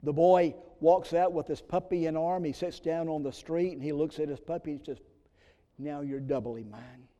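A man preaching a sermon as pastor, swinging between loud emphasis and hushed whispers. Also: fairly high pitch, steady tone, a little fast, few pauses. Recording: long reverb of a large hall.

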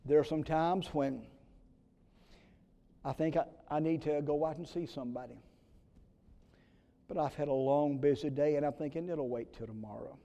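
Pastor, man, fairly high voice with mellow tone, preaching with big swings to whispers, long church reverb. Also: fairly even intonation, moderate pace, pauses often. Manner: dramatic swings from loud emphasis to hushed whispers. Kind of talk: sermon. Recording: long reverb of a large hall.

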